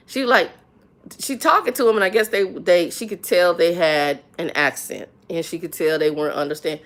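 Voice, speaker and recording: A middle-aged woman in casual livestream chat, with a fairly low voice for a woman. She talks frankly in slang and tells animated stories, her voice jumping up as she gets worked up. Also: normal speed. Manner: animated storytelling, voice jumps up when riled; slangy, frank, repeats words. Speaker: livestream host.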